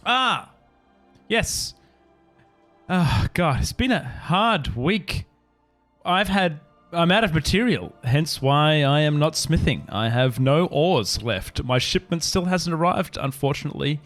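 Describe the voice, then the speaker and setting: Male GM doing a weary, apologetic dwarf blacksmith woman, raised pitch, tabletop game. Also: animated, slow pace, fairly bright tone, faint music behind. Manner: chatty, apologetic, a little flustered.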